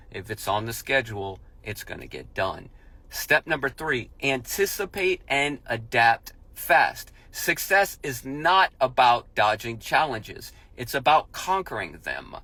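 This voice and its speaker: A man delivering a motivational talk in a punchy, coach-like way, hammering his points home by repeating them. His voice sits at an ordinary middle pitch for a man. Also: sharp tone. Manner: emphatic, repetitive, coach-like pep talk. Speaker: motivational speaker. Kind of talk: motivational monologue.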